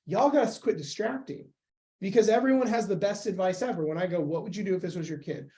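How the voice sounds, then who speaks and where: A young man talking as a podcast guest and weight-loss coach, emphatic and animated in casual conversation. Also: high voice, fast talker. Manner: emphatic, animated, acts out quoted voices.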